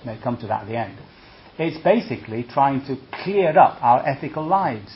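Heard in lo-fi sound, a man with a mid-range voice at normal speed delivers a dharma talk as a Buddhist monk. He checks in with his listeners ("see?", "okay?") and livens things up by acting out reactions for laughs.

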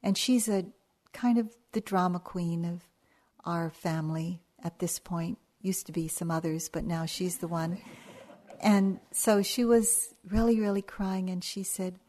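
An older woman giving a dharma talk as a meditation teacher, telling stories in a gentle, unhurried way. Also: on the low side, steady tone. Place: retreat hall.

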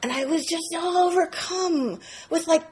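A woman meditation teacher telling a story in a dharma talk, animated and self-mocking, often laughing as she talks. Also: extremely high pitch, measured pace, slight background noise, low-quality recording. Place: retreat center meditation hall.

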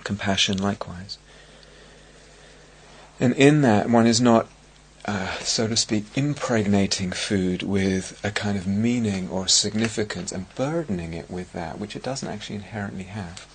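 A man giving a dharma talk as a meditation teacher on a retreat. He speaks slowly and searchingly, with many pauses and restarts. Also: on the low side, slight background noise.

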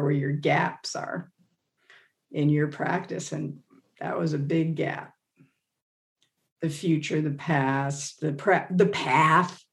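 A woman with a slightly low voice tells a story in a podcast interview. She talks in a relaxed, casual way and livens it up by acting out what others said. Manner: animated, acts out quotes with laughs and fillers. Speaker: interview guest, meditation teacher.

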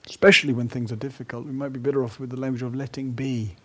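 Soft-spoken husky man giving a dharma talk. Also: mid-range voice, flat delivery. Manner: gentle and unhurried, dropping to a soft whisper at times. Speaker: meditation teacher.

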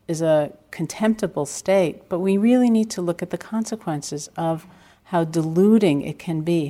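Low-voiced woman giving a calm meditation talk. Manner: calm, reflective storytelling with gentle self-deprecating humor. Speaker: meditation teacher. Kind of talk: dharma talk. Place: retreat center hall.

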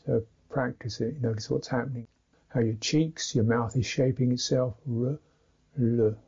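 A man gives an unhurried pronunciation lesson, carefully repeating each consonant as he demonstrates it. His voice is warm and low-toned with a gravelly edge. The recording sounds muffled and lo-fi. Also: fairly even intonation. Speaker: Buddhist meditation teacher. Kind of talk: slow instructional talk on pronunciation. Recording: dull lo-fi recording.

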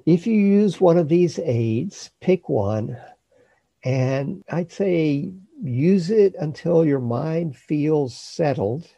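A man teaching meditation, giving slow, calm instruction with long pauses. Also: a little high, vocal fry, no echo, muffled recording.

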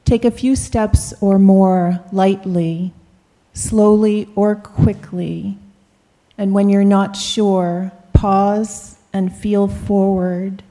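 Woman reading a nature poem super slow, mellow dark tone. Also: medium pitch, steady tone, big-room sound. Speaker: retreat participant.

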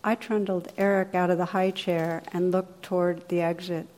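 A woman from New Jersey, working as a meditation teacher, tells a story in a gentle, unhurried dharma talk with soft pauses. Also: on the low side, level tone. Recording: long reverb of a hall.

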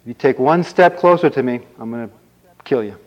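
A man's voice: mid-range voice, a little slow, close to an everyday voice. A man voicing a brave, boastful young prince warrior who makes bold, defiant declarations, on a dull lo-fi recording.

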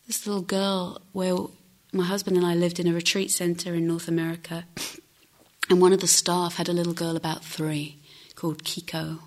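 A middle-aged woman meditation teacher giving a gentle, reflective dharma talk with unhurried pauses. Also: lowish voice, little pitch movement.

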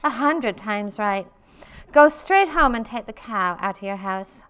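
A woman reading a story aloud, voicing a serene, gentle old rabbi giving advice. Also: fairly high pitch, animated, clean tone. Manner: serene, gentle, unhurried counsel. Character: calm, wise old male rabbi, serene.

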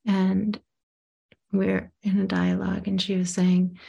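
Woman, meditation teacher type, telling a story in a halting, hushed way; slow delivery. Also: medium pitch, completely flat delivery, creaky, slightly rough. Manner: halting, soft-spoken, often drops to a whisper. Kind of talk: reflective storytelling.

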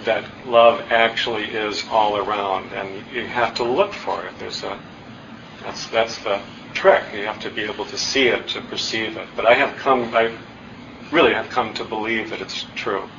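The creaky, low voice of a middle-aged guest dharma teacher comes through a distant, dull recording with faint noise from a meditation hall. He speaks at a meditation center in an unhurried way, telling warm, self-deprecating stories with pauses.

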